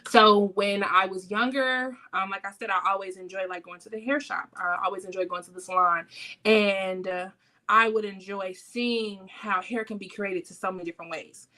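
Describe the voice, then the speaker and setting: A woman in her twenties, a business owner, answers questions in a casual interview. Her voice is bright and sits in the middle of a woman's pitch range. She talks in a relaxed, reflective way, with plenty of fillers. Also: normal speed.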